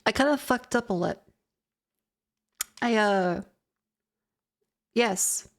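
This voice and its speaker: A woman's voice: medium pitch, slow. A woman streamer chatting casually with viewers, telling a rambling, swear-filled story and often laughing. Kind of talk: casual chat.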